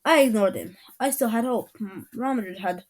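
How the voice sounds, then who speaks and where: A woman reading a first-person story aloud, in a playful, animated storytelling manner. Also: fairly high pitch, normal speed.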